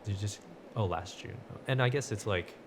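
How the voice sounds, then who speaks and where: A man with a very low, gravelly voice co-hosts a podcast and asks questions in a halting way, full of fillers. Clear background noise hangs under his voice. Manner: hesitant, many fillers. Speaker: podcast co-host. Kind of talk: casual interview questions.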